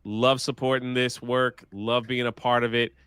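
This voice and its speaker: A man's voice: mid-range voice, little pitch movement, moderate pace, a bit bright, clean tone, no room sound, studio quality. A man leaving a livestream panel, friendly and effusive as he says goodbye. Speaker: panel guest. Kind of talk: casual livestream panel chat.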